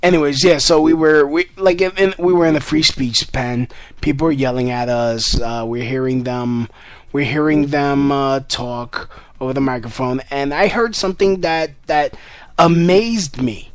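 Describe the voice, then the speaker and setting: A man's voice: medium pitch, moderate pace, no echo. A man delivering an angry political rant to camera in a profane, sarcastic and emphatic way. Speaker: political vlogger.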